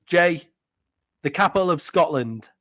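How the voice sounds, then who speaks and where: A man's voice: fairly high pitch, lively intonation, a bit bright, no echo. English man, chatty sports co-host. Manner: chatty, quick to laugh, many fillers. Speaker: podcast co-host. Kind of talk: casual sports chat.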